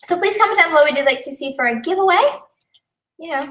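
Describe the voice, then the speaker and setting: A woman's voice: sits high, expressive, fast talker, fairly bright tone, a little hiss or hum. A young woman chatting casually on a live stream, rambling and giggly with lots of fillers, recorded at home. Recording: echoey room, a bit far from the mic.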